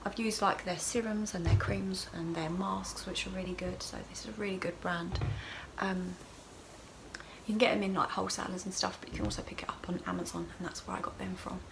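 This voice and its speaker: A woman's voice: medium pitch, fairly even intonation, fairly quick, vocal fry. A woman chats to camera in a casual vlog diary. She rambles from one thought to the next and pokes fun at herself, with her voice sitting mid-range. Faint noise hums behind her. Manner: chatty and rambling, with self-mocking asides. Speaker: vlogger.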